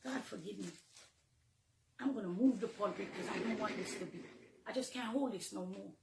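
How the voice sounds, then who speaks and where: A woman with a Jamaican accent, a minister speaking emotionally to her followers, swinging between hushed confiding and loud, heated outbursts. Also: mid-range voice, moderate pace, creaky, reverberant, noisy background. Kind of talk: emotional personal address to followers.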